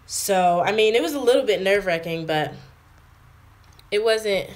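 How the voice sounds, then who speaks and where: A woman's voice: medium pitch, animated, moderate pace. A young American woman in her twenties chatting casually on a livestream from her home, reading and answering viewer comments with lots of fillers. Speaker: vlogger. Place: her home in England, indoors.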